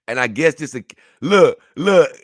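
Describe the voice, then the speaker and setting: A man giving casual, animated reaction commentary, exclaiming and laughing as he talks. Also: on the high side, slightly rough, no echo, clean studio sound. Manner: animated, exclaiming and laughing, dips into mock voices. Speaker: video reactor.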